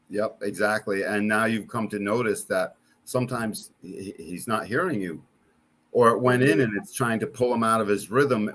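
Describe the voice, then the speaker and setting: A man with a low voice hosts the conversation. He talks casually and coaches his guests, drawing them out with follow-up questions. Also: a bit bright, slightly rough. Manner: coaching, asks probing questions. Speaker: host and reader. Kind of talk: casual interview chat.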